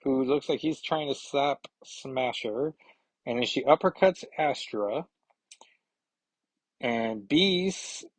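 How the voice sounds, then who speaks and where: A man talks through a comic book issue in a loose, rambling way, full of ums and restarts. His voice is slightly husky and sits at an ordinary pitch. The sound is dry and close to the mic. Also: no room sound, rough recording. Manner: rambling, filler-heavy, reads dialogue in quick put-on voices. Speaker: comic book podcast host. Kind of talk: casual comic read-through with commentary.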